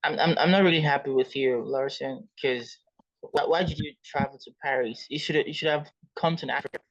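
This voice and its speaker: A man's voice: a little high, brisk, fairly bright tone, dry recording. Man hosting an interview, keen, stumbles over repeated words, muffled dry lo-fi sound. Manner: enthusiastic, repeats words as he starts sentences. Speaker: host. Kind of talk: casual interview. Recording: dull dry lo-fi audio.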